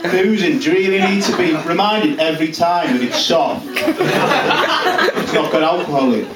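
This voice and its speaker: A character comedian performs live in a small pub comedy room, playing a blunt, rambling Cumbrian farmer who talks crudely in a Cumbrian accent with a brash mood. His voice is high, sing-song and unhurried over a loud crowd. The sound is roomy, with a distant mic in a noisy live space.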